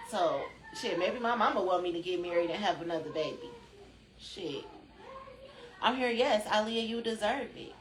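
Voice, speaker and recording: A sleepy woman rambles on in a loose, profane way as she hosts a spiritual chat from home. Her voice sits at an ordinary middle pitch, and the room around her rings back with a clear echo. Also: lively intonation, moderate pace, noisy background. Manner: drowsy, chatty, loose and profane. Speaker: spiritual channel host.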